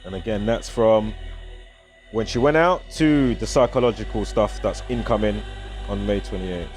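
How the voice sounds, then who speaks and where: A man's voice: on the low side, normal speed, a little mellow, soft background music. A man with a British accent, rambling through a casual vlog commentary and reeling off strings of numbers. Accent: British English. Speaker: vlogger.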